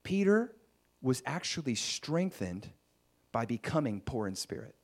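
A man's voice: mid-range voice, very animated, a little slow. A man preaching a sermon in a conversational storytelling way, acting out the scenes he tells.

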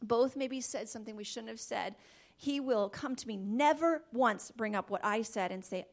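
A woman giving a faith-based talk on marriage, animated, laughing often and dropping into soft asides. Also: a little high, normal speed. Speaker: Christian marriage teacher.

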